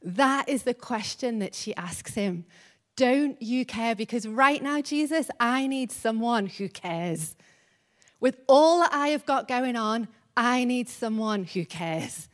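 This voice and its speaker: A woman's voice: on the high side, lively intonation, unhurried. A woman preaching a conversational sermon, often laughing lightly and acting out the lines she quotes.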